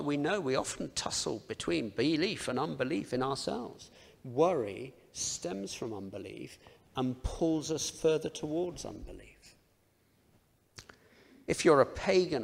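In a large hall with long reverb, a man with a gravelly, medium-pitched voice preaches a sermon. He keeps it conversational and self-deprecating, often putting rhetorical questions to his listeners.

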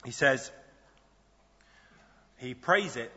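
A man's voice: medium pitch, expressive, extremely slow, bright, forceful tone. A man preaching a sermon in a conversational, storytelling way. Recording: dull lo-fi sound in a reverberant hall.

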